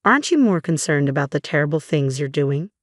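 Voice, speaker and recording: An indignant young woman makes pointed remarks in a low voice, read by a woman. The sound is dry and close. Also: very animated, brisk, no echo.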